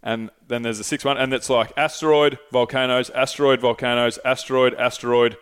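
In a flat, fairly quick delivery, a man with a mid-range voice and clean tone hosts a podcast in an Australian accent. He rambles through casual chat, swearing often and regularly losing his thread.

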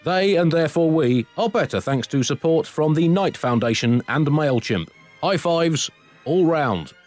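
A man's voice: fairly high pitch, animated, measured pace, darkish tone, soft background music. A man hosting a comedy podcast, telling a mock-historical tale in a wry, playful way. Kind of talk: comic storytelling and sign-off.

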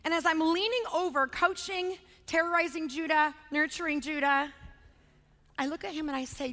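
Bright, lively woman preaching in a hall. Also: high voice, normal speed. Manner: animated, acts out voices of her children. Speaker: guest speaker. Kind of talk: sermon with storytelling. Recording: long hall reverb.

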